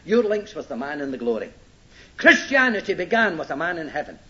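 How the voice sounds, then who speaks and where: A preacher teaching scripture in an emphatic, driving way, hammering each point home and asking his hearers if they follow. His voice sits high and swoops up and down. The sound is dull and lo-fi, like an old sermon tape. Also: big pitch swings, fairly quick, sharp tone. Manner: emphatic, repeats points and checks listeners are following.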